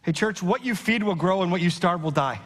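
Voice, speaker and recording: Pastor, male, high voice, emphatic repetition, long hall reverb. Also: lively intonation, brisk. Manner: preaching with rising emphasis, repeating key lines. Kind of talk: sermon. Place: church hall.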